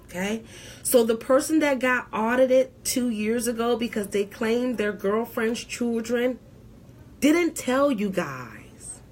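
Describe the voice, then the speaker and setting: Woman tax preparer, live stream host, fairly high voice, emphatic and repetitive. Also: animated, takes it slowly, darkish tone, slight background noise. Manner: emphatic, preachy, repeats key points. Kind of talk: live stream advice talk.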